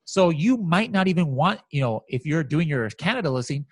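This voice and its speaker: Excited man with a fairly high voice. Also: fairly quick, no room sound. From United States. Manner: animated, excited, many fillers and restarts. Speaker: guest software expert. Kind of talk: casual screen-share walkthrough.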